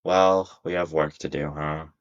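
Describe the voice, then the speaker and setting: A man's voice: rumbling low, steady tone, unhurried, lo-fi sound. A man voicing a sly, hooded shadowy male schemer who talks in a smug, manipulative way. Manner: smug, manipulative, soft chuckling tone.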